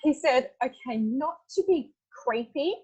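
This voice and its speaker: A young woman, a podcast guest, telling a story in casual chat, animated and quick to laugh, acting out what others said. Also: sits high, low-quality recording. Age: young adult. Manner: animated, laughs often, acts out quoted lines.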